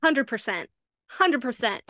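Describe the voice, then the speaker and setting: A young woman co-hosts a podcast, talking in loose, lively chat. She swears freely and drops into quoted voices as she goes. Her voice sits fairly high and sounds dry and close. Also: measured pace, no room sound. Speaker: podcast co-host. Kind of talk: casual chat.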